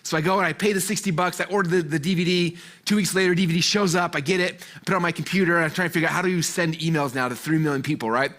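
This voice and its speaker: A man in his forties talks fast and high for a man, speaking to a seminar crowd. He tells his story with animation, acts out the voices of the people in it, and keeps throwing in fillers. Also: steady tone, a bit bright. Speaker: guest speaker at a business seminar. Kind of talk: energetic storytelling talk to a live audience.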